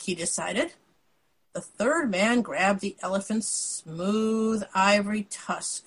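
A woman reading a picture book aloud in an expressive way, with casual asides to her listeners. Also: mid-range voice, takes it slowly, husky, low-quality recording. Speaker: storyteller.

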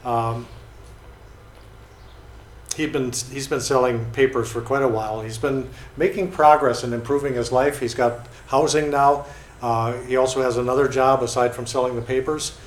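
In an echoey room with faint background noise, a man with a mid-range voice tells casual stories about people he's met. He speaks at normal speed with fairly even intonation, using many fillers and restarting often.

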